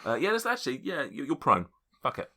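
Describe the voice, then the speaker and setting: A man narrating as game master, chatty and quick to laugh. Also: fairly high pitch, wildly swooping pitch, a crowd in the background. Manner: chatty, laughing often, casual swearing.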